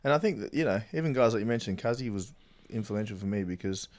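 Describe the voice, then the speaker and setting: Low-voiced Australian man telling stories. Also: lively intonation, fast talker, darkish tone. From Western Australia. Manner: chatty storyteller, laughs often. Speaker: guest, professional footballer. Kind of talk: casual interview chat.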